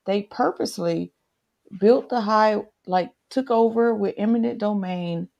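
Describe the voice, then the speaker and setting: A woman guest in a casual discussion, earnestly explaining things with halting restarts. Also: mid-range voice, gravelly, warm tone, muffled recording.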